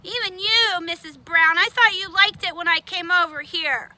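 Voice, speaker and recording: A woman voicing a squeaky, excitable tiger puppet. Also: normal speed, exaggerated voice. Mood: apologetic. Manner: whiny, dramatic, swings between pleading and excitement. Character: young male tiger puppet, excitable and dramatic. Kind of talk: children's puppet show.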